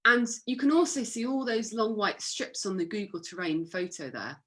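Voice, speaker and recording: A woman's voice: mid-range voice, expressive, moderate pace, a bit bright. A woman giving an illustrated talk with slides, chatty and upbeat, with fillers. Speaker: guest speaker.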